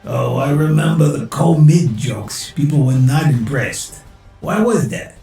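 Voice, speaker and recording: A snarky male AI sidekick, played by a man, heckles in loose slang. His voice is gravelly and mellow, a little higher than most. It sounds recorded in a very echoey room. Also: expressive, unhurried, faint music behind. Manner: sarcastic, heckling, casual slang.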